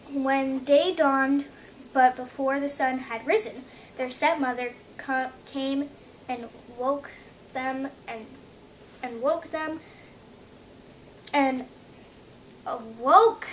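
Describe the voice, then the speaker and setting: A woman reading a fairy tale aloud, halting with frequent slips and restarts. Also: high-pitched, a little hiss or hum. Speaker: narrator.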